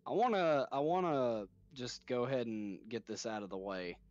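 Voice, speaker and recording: A man playing a tabletop game, deliberate and wry. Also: mid-range voice, a little mellow. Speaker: player. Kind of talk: tabletop role-play. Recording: dull lo-fi mic.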